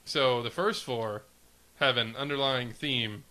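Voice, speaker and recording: A young adult man co-hosting a podcast, teasing his partner with quick crude jokes and explaining a movie game. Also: mid-range voice, pushed and bright. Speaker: podcast co-host. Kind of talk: casual banter.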